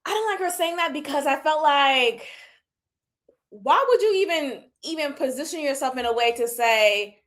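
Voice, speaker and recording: A woman in her thirties giving candid, animated commentary on a reality show and laughing often. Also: high-pitched, moderate pace. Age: 30s. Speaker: reality TV reviewer. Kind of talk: casual commentary.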